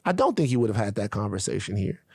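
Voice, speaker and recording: A man's voice: fairly low pitch, big pitch swings, fast talker, creaky, darkish tone, slightly rough, dry recording, clean studio sound. A man from the United States co-hosting a podcast, talking emphatically and repeating phrases for weight. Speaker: podcast co-host. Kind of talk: casual podcast discussion.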